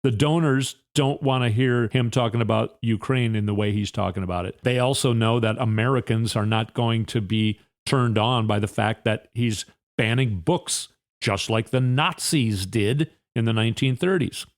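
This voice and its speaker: A man hosting a solo commentary show, his voice sitting at a middle pitch. He talks in a fired-up, indignant way, stacking one rhetorical question on top of another. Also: moderate pace, few pauses. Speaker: podcast host.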